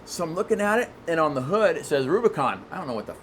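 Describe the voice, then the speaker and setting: Guy telling a story all worked up, kinda high voice, restarts a lot, faint hiss behind. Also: fast. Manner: excitable, rambling, many restarts. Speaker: podcast guest. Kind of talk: casual storytelling chat.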